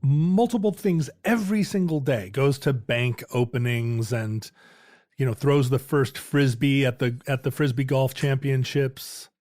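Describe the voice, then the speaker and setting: A man with a mid-range voice, co-hosting a casual chat podcast. He talks in a playful way, trading quick jokes. The recording is dry and close-miked. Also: medium pitch, darkish tone, no echo. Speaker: podcast co-host.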